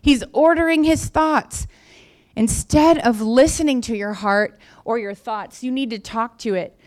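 A woman's voice: a little high, measured pace, a little mellow. A woman pastor giving a sermon in a conversational way, repeating key phrases for emphasis.

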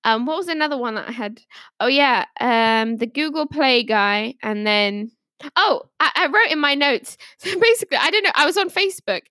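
A woman's voice: high-pitched, moderate pace, bright, forceful tone, dry recording, clean studio sound. A woman chatting casually on a podcast, telling stories in a rambling, giggly way.

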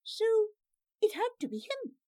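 A woman's voice: very high voice, sing-song, a little slow, mellow, pitched above the performer's own voice, heavily acted. A woman voicing a proud, defiant young princess who gives clipped, imperious orders in a storybook reading. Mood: commanding.

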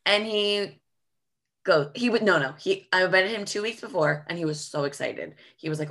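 Low-voiced young woman telling a dating story. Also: moderate pace. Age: 20s. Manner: animated storytelling, filler-heavy. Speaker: podcast co-host. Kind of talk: casual chat.

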